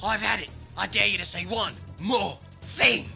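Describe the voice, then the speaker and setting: A performer voicing a short-tempered male clay-animation figure who yells and makes dares in a comedy movie review. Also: mid-range voice, normal speed, creaky, soft background music, full character voice. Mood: furious.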